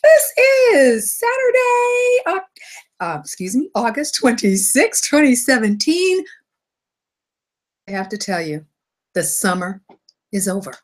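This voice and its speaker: A woman hosting a live money broadcast, upbeat and energetic, repeating phrases for emphasis and greeting viewers by name. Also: high voice, normal speed. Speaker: host of a live wealth broadcast. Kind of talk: upbeat live-stream talk.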